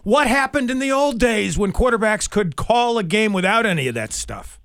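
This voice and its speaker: A man's voice: sits high, animated, moderate pace, a bit bright, dry recording, studio quality. A man hosting a sports radio show who laughs easily and sets up segments for his guest. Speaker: radio host. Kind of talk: casual sports radio chat.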